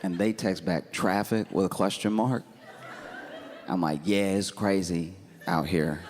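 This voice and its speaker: A man doing stand-up, telling a story in a deadpan, laid-back way with laughing asides. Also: low voice, measured pace, background noise. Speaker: stand-up comedian.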